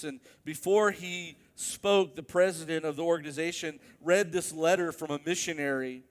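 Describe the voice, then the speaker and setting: A male pastor preaching a sermon, telling a story with animated build-ups to emphatic peaks. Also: fairly high pitch, long reverb tail.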